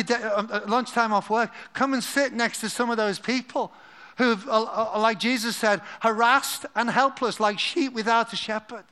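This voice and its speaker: A man preaching a live sermon in a church, animated and dropping to a hushed, confiding voice at times. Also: high voice. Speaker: pastor.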